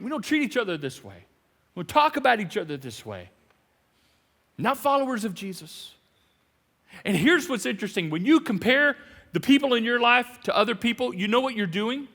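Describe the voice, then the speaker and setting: A man preaching a sermon as pastor, animated and jokey, with sudden loud emphasis. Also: high voice, normal speed, long pauses, long reverb tail. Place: large church hall.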